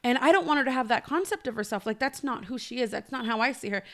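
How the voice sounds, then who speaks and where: A woman's voice: a little high, animated, fast. Earnest woman co-host telling a family story. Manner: earnest storytelling, acts out dialogue. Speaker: podcast co-host. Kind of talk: casual faith-based podcast chat.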